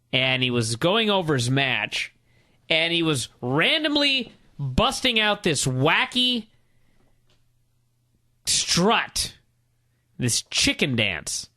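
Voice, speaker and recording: A man co-hosting a podcast, retelling a story with lively energy and acting out quotes loudly. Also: a little high. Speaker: podcast co-host. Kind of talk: excited comedic recap.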